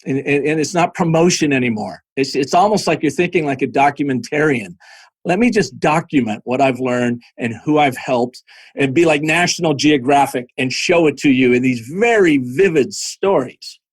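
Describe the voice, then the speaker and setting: A man guest on a podcast, telling business anecdotes in a lively conversational way, now and then laughing. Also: mid-range voice, moderate pace, dry recording. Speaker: podcast guest, storytelling strategist. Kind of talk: conversational storytelling.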